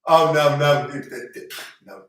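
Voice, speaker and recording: A man's voice: on the high side, fairly even intonation, measured pace, fairly bright tone, far from the mic. A middle-aged man, joining his brother's livestream and chatting in an easygoing, jokey way. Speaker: host's visiting brother. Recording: echoey room, away from the mic.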